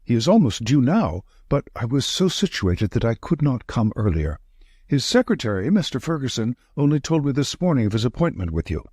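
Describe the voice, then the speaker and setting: A frightened, twitchy estate manager, read by a man in an audiobook, who pushes out short, gasping sentences. The voice is husky and swings lively up and down. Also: medium pitch, fairly quick, no echo, studio quality. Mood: agitated. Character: thin, nervous male estate manager, frightened. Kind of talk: audiobook reading.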